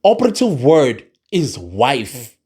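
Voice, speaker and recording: A man's voice: mid-range voice, wildly swooping pitch, takes it slowly, darkish tone, breathy edge. A man, delivering an impassioned political commentary monologue, emphatic and repeating his points for force. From South Africa.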